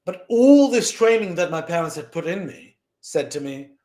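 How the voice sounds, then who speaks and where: Young guy from south asia telling a story about his parents, kinda high voice, lively, echoey room. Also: moderate pace, hardly any pauses. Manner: animated, acts out quoted voices, frequent fillers. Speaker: vlogger recounting lessons from his mother. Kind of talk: personal storytelling monologue.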